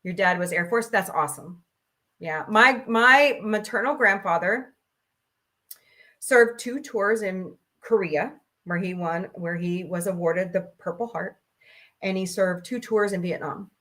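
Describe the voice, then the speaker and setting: A woman's voice: medium pitch, measured pace, a bit bright. A woman in her forties hosting a casual talk stream, ranting bluntly and profanely, laughing often. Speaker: host.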